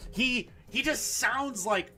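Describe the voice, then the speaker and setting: A man's voice: extremely high pitch, takes it slowly. A man on a stream, mocking and exasperated in casual chat. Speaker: stream co-host.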